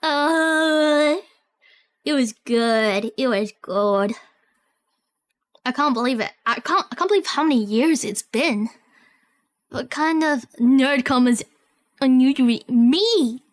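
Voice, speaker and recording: A woman streamer chatting casually while reacting to videos, excitable and giggly, often trailing off and repeating herself. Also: high-pitched, slow pace, long pauses.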